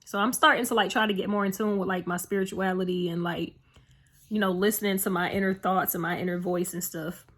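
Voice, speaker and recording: A woman's voice: mid-range voice, fairly even intonation, a little fast, a bit bright. A young woman vlogging to camera, telling a personal story in a rambling, earnest way full of fillers. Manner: emotional, heartfelt retelling.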